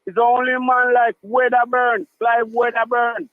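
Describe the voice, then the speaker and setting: A man with a Jamaican accent, calling in to a radio show and talking in an animated way, mixing patois into his speech and repeating himself. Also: extremely high pitch, measured pace, no room sound. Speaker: caller. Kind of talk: call-in radio chat. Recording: tinny phone line, dry.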